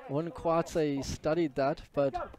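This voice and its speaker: Slightly high-voiced guy doing color commentary outside, out of breath, chatty. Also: crowd noise. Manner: quick, chatty analysis. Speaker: sports co-commentator. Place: outdoors at a sports field.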